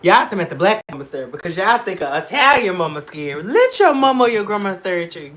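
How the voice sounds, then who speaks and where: A woman's voice: on the high side, expressive, fairly quick, a bit bright, slight background noise. A woman hosting a casual makeup livestream, chatting with viewers, answering their comments and laughing often.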